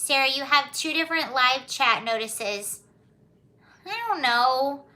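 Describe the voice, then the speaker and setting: Her voice sits high with a sharp tone, and she takes it slowly, leaving long pauses. She's a woman hosting a relaxed livestream, reading viewers' comments out loud and replying with giggles and apologies.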